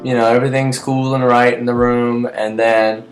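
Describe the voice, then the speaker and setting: A young man giving a casual, rambling TV episode review, chatty and excitable, full of fillers and restarts. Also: mid-range voice, normal speed. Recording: echoey room with faint music.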